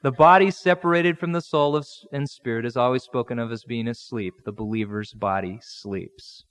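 With a mid-range, somewhat bright voice and a moderate pace, this pastor preaches an expository sermon in a conversational style. He plays the Bible story's characters in everyday language, heard through long hall reverb.

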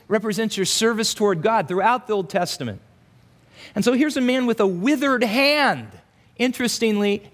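A male pastor preaching an expository sermon in an animated way, acting out quoted asides in voices. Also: high-pitched.

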